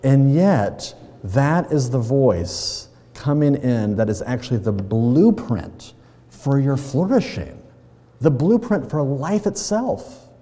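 Warm-voiced man preaching in a reverberant hall. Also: medium pitch, big pitch swings, slow pace. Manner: conversational preaching with playful everyday examples. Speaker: pastor. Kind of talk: sermon. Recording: long reverb of a large hall.

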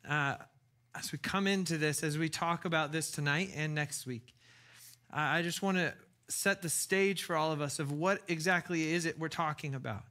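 Male preacher, casual conversational sermon, enthusiastic, stumbles and restarts a lot, somewhat high pitch. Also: normal speed, sharp tone. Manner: chatty, enthusiastic, with frequent restarts and laughs. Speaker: pastor.

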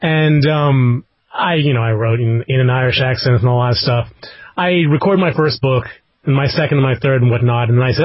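A man's voice: medium pitch, brisk, no room sound. A man hosting an interview, talking in an easygoing, encouraging way. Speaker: podcast host and audiobook narrator. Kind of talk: casual interview chat. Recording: dry, dull podcast audio.

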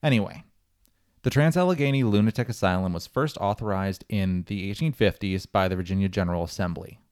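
A man's voice: low-pitched, fairly quick, darkish tone, smooth. A man co-hosting a podcast, telling a story in a chatty way with joking asides. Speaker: podcast co-host. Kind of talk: casual chat and storytelling.

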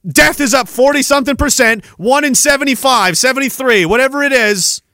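A man's voice: very high-pitched, fairly quick, sharp tone, no echo, clean studio sound. A man hosting a podcast, delivering a heated, profane rant full of emphatic repetition. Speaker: podcast host. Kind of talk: angry political rant.

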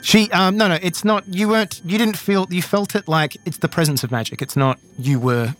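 A man's voice: high-pitched, brisk. A man narrating as game master of a tabletop game, describing scenes with fillers.

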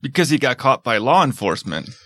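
A man's voice: medium pitch, very animated, quick pace, a bit bright, no echo, clean studio sound. A man co-hosting a podcast, chatting casually with jokes, wordplay and casual swearing. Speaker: podcast co-host.

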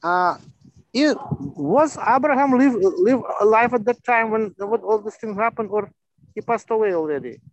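A man's voice: sits high, lively intonation, moderate pace, no room sound, highs cut off. A man asking his teacher a question in class, hesitating and repeating words, heard over distant remote audio. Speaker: student.

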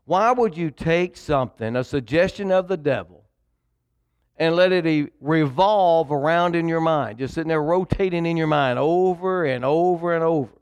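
Preaching man with a fairly high voice. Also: moderate pace, smooth. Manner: preaching with call-and-response to the congregation; repetitive emphatic preaching, varying pace. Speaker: pastor. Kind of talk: sermon.

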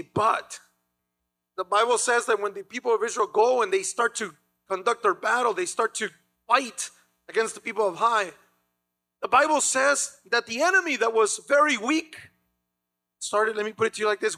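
A man's voice: high-pitched, gravelly, pushed and bright. A man preaching a sermon in a dramatic way, acting out the voices of biblical figures. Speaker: pastor.

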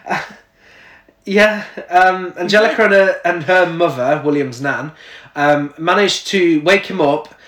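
A man's voice: high voice, a little slow, fairly bright tone, distant mic. A man co-hosting a podcast, dryly recapping a film's plot and laughing along. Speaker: podcast co-host. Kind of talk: casual film review chat. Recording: roomy echo.

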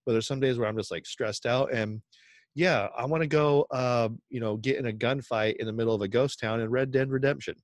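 A man's voice: mid-range voice, steady tone, fairly quick, no room sound. A man co-hosting a podcast, telling stories in casual chat full of fillers and acted-out quotes. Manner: rambling, filler-heavy storytelling with acted-out quotes. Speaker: podcast co-host.

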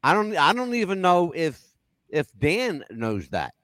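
A man hosting a loose talk show, his voice a little high and swinging widely as he spins a story. He swears freely and talks straight to his audience. The sound is close and dry. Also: huge pitch swings, a little slow, a bit bright, dry recording. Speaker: show host. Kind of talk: casual chat show talk.

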